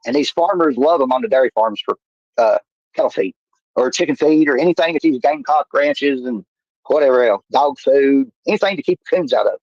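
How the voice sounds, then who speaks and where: A man's voice: mid-range voice, lively intonation, fairly quick, a little mellow, no room sound. A man, rambling in folksy, salesman-like talk as a stream guest. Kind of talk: casual talk. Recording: muffled stream audio.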